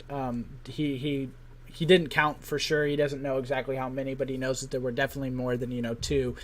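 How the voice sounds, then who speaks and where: A man runs a tabletop game as game master. He narrates loosely, full of ums and likes. His voice sits at an ordinary middle pitch. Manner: casual, many fillers and likes.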